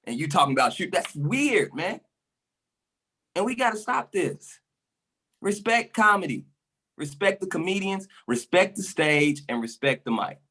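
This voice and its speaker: A man talks in a casual podcast chat, getting worked up and repeating his points for emphasis. His voice is bright and slightly husky, and he sounds a little out of breath. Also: high-pitched, big pitch swings, measured pace. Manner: passionate, repetitive, emphatic. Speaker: resident comic on podcast.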